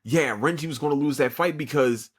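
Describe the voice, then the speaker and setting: Man, podcast host, husky voice, casual anime review, swears a lot, excitable. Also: on the high side, fairly quick. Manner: profane, excitable retelling with fillers.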